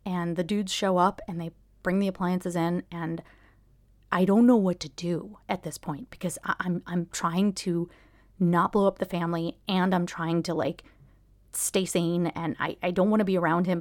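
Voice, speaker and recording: A young woman hosting a podcast, telling a personal story in a halting way full of restarts and fillers, often dropping to a hushed whisper. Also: fairly low pitch, fairly even intonation, no room sound, studio quality. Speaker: podcast host.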